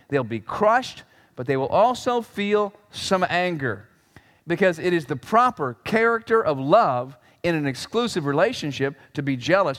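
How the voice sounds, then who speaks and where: A man preaching a sermon, animated, acting out scripture with emphatic voices. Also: on the high side. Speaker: pastor. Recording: long reverb of a large hall.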